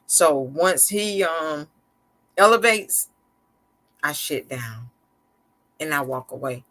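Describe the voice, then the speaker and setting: A woman's voice: deep voice, lively intonation, slow, a bit bright. Woman, live-stream host, casual storytelling, candid, slightly sarcastic, repetitive phrasing. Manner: candid, conversational, a bit sarcastic and slick; loose, repetitive phrasing with restarts. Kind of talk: casual personal storytelling to viewers.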